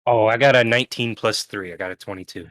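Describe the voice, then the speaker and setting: A man's voice: on the low side, fast talker, a bit bright, no room sound. A man playing a tabletop fantasy game over a voice call, joking around in character. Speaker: player. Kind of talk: casual tabletop game play.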